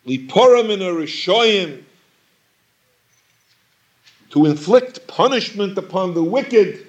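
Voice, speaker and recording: Male Torah teacher, lively emphatic delivery, slightly higher voice, questioning tone. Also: slow pace, dull audio. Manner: questioning, emphatic, repeats phrases for stress. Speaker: rabbi teaching Talmud. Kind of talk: Torah lecture.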